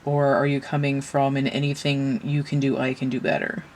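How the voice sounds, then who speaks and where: A woman's voice: rumbling low, level tone, moderate pace, darkish tone, a little hiss or hum. Frank, casual woman tarot reader. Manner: frank and swearing, full of rhetorical questions.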